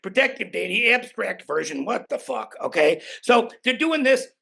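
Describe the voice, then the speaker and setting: An older man, a podcast guest, telling stories in an animated, emphatic way and swearing freely. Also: sits high, moderate pace, creaky, breathy edge. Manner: emphatic, swears freely, acts out quoted voices. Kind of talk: animated conversational storytelling.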